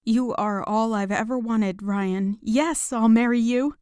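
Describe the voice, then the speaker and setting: A woman's voice: fairly high pitch, normal speed, warm tone, no echo, studio quality, pitched above the performer's own voice, natural voice. A woman voicing an emotional young woman in love in an audiobook romance, her speech lifted and eager. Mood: joyful.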